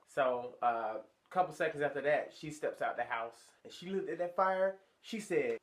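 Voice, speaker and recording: A young man telling a story to his viewers in a casual, slangy, animated way, sounding stuffy from a sinus infection. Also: normal speed, hardly any pauses. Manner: animated, slangy, acts out high squeaky voices in quotes. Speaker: vlogger.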